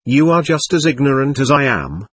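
Man voicing a stubborn angry male spirit, husky, spiky up-and-down delivery, read from a séance transcript. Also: mid-range voice, sing-song, normal speed, no room sound. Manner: defiant, threatening, scornful. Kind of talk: reading a séance transcript aloud.

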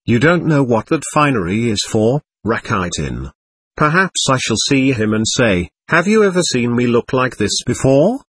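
A man's voice: medium pitch, sing-song, moderate pace, fairly bright tone, breathy edge, no echo. A man reading the lines of a passionate, volatile young woman, proud and wounded, whose tone swings between tenderness and scorn. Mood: scornful.

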